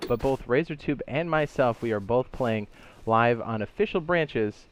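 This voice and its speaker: Guy hosting a gaming vid, hyped and goofy, does dumb sound effects, normal pitch voice. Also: normal speed, slight background noise. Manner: excitable and goofy, makes silly sound effects. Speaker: gaming channel host. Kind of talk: casual gaming update chat.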